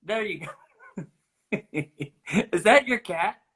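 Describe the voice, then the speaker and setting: A middle-aged man with a bright, forceful voice pitched a little high, talking over a phone livestream from home. He jokes and laughs easily in a loose, animated chat. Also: slow pace, slightly rough. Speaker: livestream host. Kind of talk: casual chat. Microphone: phone on a video livestream.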